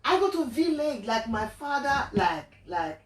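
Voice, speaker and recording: Animated Igbo-accented woman in an echoey room. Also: a little high, measured pace. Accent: Nigerian Igbo English. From Nigeria. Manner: animated, repeats words, laughs often. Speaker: host. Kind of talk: casual discussion. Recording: echoey room, mic at a distance.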